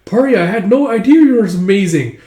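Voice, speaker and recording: A man voicing an excited young man who is smitten with his bride, speaking eagerly and in a gushing way. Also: high voice, fairly quick, pitched above the performer's own voice. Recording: echoey room.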